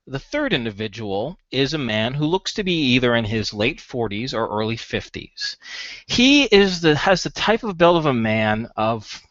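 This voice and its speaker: Young male game master: descriptive, animated, slightly muffled recording. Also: medium pitch, no room sound. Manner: descriptive, with frequent fillers and restarts. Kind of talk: narrating a tabletop game.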